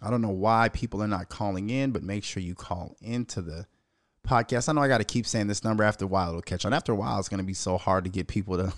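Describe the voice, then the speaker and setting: A man's voice: lowish voice, fast talker, dry recording, clean studio sound. A young man hosting a casual solo podcast, ranting profanely and mocking people with impressions. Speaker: podcast host.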